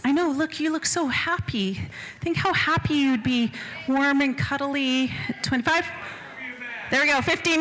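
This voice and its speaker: A woman running a live charity auction, rattling off bids fast and joking with the crowd. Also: high-pitched, bright, forceful tone, poor audio. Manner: rapid bid calling, joking with the crowd. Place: event hall.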